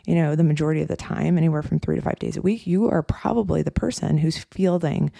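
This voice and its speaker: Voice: medium pitch, steady tone, fast, gravelly, warm tone, no room sound. A coach hosting a podcast, talking in a loose, conversational way with frequent "you know" and "right?" asides. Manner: conversational, many fillers and tag questions. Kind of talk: casual podcast monologue.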